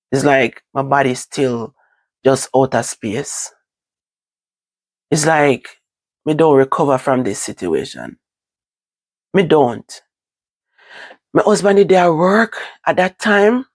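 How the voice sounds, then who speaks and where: A woman with a Jamaican accent recounting a personal story to her viewers, in a halting, repetitive way. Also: extremely low pitch, dry recording. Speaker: vlogger.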